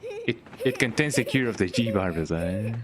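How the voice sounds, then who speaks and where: A man's voice: lowish voice, wildly swooping pitch, normal speed, crowd noise. A man streaming a video game in casual commentary, tagging "eh?" onto his remarks and chuckling often. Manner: tags nearly every line with "eh?", chuckles often. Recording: game music playing behind.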